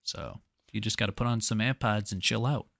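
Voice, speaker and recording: A young man co-hosting a casual podcast, telling crude, jokey stories. His voice sits on the low side, and the sound is dry and close with no room echo. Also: a little fast, creaky, a bit bright. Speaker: podcast co-host. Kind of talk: casual chat.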